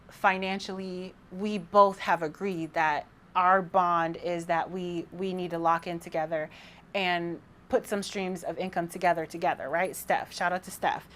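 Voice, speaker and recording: A woman in her thirties vlogs casually to camera, excited and rambling, often restarting her sentences. Her voice is fairly low-pitched.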